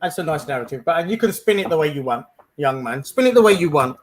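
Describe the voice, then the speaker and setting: A man's voice: on the high side, expressive, quick pace, low-quality recording. A man on a live panel chat, laid-back, laughing often and slipping into Punjabi. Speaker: panel participant.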